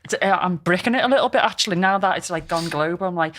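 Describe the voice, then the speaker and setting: A woman's voice: lowish voice, fast talker, fairly bright tone, a little hiss or hum. A woman from Liverpool with a Scouse accent, co-hosting a podcast in casual, chatty talk full of local slang and frequent laughter. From Liverpool, England. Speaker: podcast co-host. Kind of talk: casual chat.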